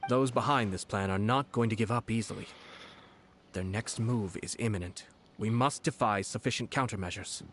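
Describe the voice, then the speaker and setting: An actor playing a composed young noble commissioner in a video game, measured and formal. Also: male voice, fairly low pitch, fairly bright tone, a little hiss or hum.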